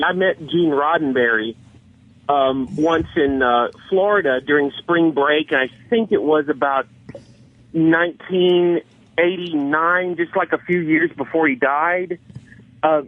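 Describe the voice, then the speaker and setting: A man's voice: fairly high pitch, no room sound. A man calling in to a radio show, telling a rambling, hesitant story. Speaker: caller. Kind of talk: telling an anecdote on the phone. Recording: tinny phone line with faint music.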